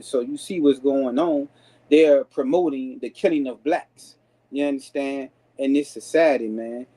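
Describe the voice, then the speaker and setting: A man's voice: mid-range voice, mellow, low-quality recording. Black American vernacular man teaching a class. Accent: African American Vernacular English. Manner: casual street-style speech with many "you understand" fillers. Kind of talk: informal scripture class.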